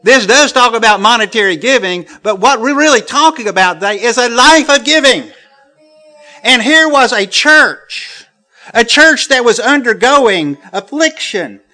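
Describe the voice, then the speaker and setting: Middle-aged guy preaching, bright voice, pretty high, punches the verses then goes soft. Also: animated, unhurried. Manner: emphatic, swings between loud quoting and quiet asides. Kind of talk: sermon.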